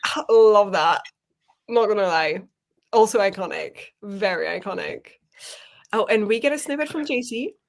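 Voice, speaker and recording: A woman chatting on a live stream over a video call, medium-pitched and easygoing. She laughs often and reads viewers' comments aloud between remarks. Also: normal speed. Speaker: co-host of writing sprint stream. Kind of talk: casual chat.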